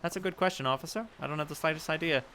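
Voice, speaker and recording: A man reading aloud as a composed middle-aged woman envoy, in a measured, formal and diplomatic way. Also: a little high, pushed and bright, slight background noise, pitched above the performer's own voice. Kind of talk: reading game dialogue aloud.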